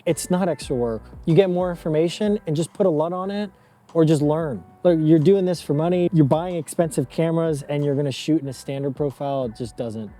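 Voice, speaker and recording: A young man mentoring a beginner in a casual teaching vlog, emphatic and animated, laughing often. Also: on the high side.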